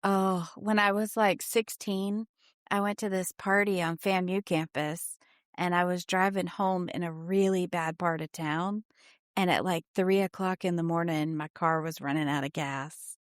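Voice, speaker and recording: A middle-aged woman co-hosting a casual chat, telling lively anecdotes. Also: fairly low pitch, unhurried, no echo, studio quality. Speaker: podcast co-host.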